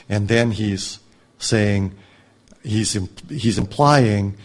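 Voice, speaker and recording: A man reading a scripture passage aloud and commenting on it as a teacher, in a measured, reflective way. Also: fairly low pitch. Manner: measured, reflective, drops soft on moving lines. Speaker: Bible teacher.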